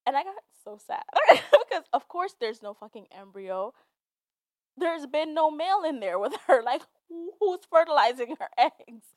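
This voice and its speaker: A woman's voice: sits high, very animated, moderate pace, dry recording. A young woman hosting a podcast alone, talking candidly and profanely, laughing and teary as she tells a personal story. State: teary, laughing through tears. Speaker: podcast host. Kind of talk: casual monologue.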